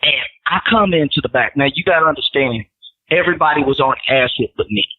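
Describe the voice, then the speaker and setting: Animated storytelling man on a phone line. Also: on the high side, fast talker. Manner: animated, acts out quotes in raised voices. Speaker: guest rapper. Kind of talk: storytelling in casual chat.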